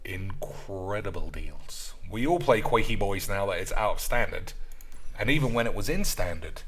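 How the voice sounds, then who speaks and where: A male streamer with a fairly low voice and a bright, forward tone. He rambles and jokes through a deck build in casual chat, swearing freely and talking straight to his audience. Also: expressive, moderate pace, slightly rough.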